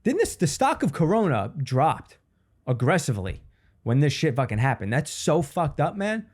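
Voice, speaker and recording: A man's voice: on the high side, big pitch swings, moderate pace, a little mellow. A male comedian rambling through a solo podcast monologue. His delivery is loose and profane, and he swears freely as he rants.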